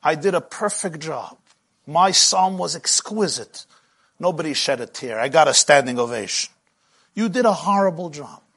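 A man voicing a proud, famous opera singer, talking slowly and thoughtfully with a husky edge. The voice sits a little high for a man. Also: expressive, fairly bright tone, heavily acted. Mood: puzzled. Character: famed male opera singer, proud, puzzled.

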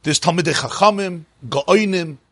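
A man's voice: high-pitched, moderate pace, a bit bright, no room sound. A man giving a spoken Torah lecture, emphatic and repeating phrases for stress. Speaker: teacher of a religious class.

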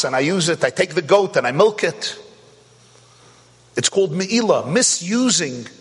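A man teaching a Torah class, animated and rising to shouts to stress a point. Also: high voice, husky, long reverb tail. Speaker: rabbi.

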